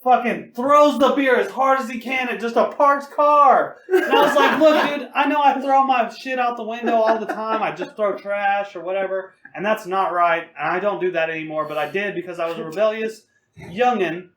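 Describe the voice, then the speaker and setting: A man's voice: sits high, moderate pace, a bit bright, reverberant. A young man in his twenties, co-hosting a podcast and telling profane, laughing stories in a loose, casual way. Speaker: podcast co-host. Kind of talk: casual storytelling.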